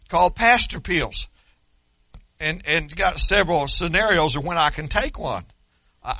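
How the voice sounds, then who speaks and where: An older man gives a sermon as a pastor, high-pitched and folksy, cracking jokes before working himself into fervor. All the shouting has left him strained and hoarse, with no room sound in the recording.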